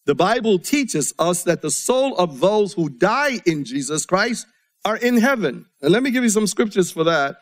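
A man with a high, light voice delivers a sermon to a congregation in church. He reads scripture aloud and preaches with sudden swings, dropping low and soft, then climbing again for emphasis. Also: very animated, normal speed.

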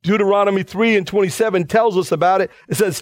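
A man's voice: high voice, quick pace, hardly any pauses, no echo. A male pastor preaching a radio sermon in an emphatic, dramatic way, acting out the lines he quotes.

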